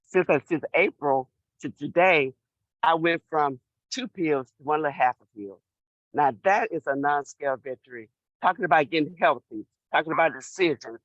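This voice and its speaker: A woman's voice: deep voice, expressive, moderate pace, dry recording, highs cut off. A middle-aged woman on a video call giving an exuberant testimonial, repeating phrases for emphasis like a preacher. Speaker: client sharing her story.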